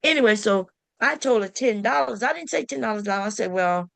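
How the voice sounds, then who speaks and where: A woman's voice: mid-range voice, expressive, fairly quick, creaky, no room sound. A woman hosting a sewing channel, telling a story to camera in a casual, emphatic way and talking straight to her viewers with exasperated rhetorical questions.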